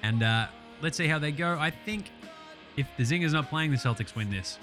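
His voice sits on the high side, animated and fairly bright at a normal speed, with faint music underneath. This young Australian host of a casual basketball podcast spits out stats, cracks jokes, curses and fills gaps with verbal fillers, all with enthusiasm.

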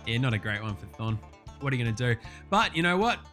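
An Australian man hosting a casual sports chat, excitable and full of profane, matey banter. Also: mid-range voice, quick pace, soft background music. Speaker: sports show host.

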